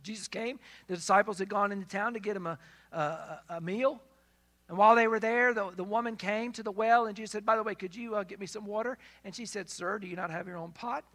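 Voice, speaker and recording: A pastor preaching a sermon in a conversational way, asking the listeners questions and retelling scripture as lively dialogue. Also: mid-range voice, brisk. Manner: conversational, asks the congregation questions.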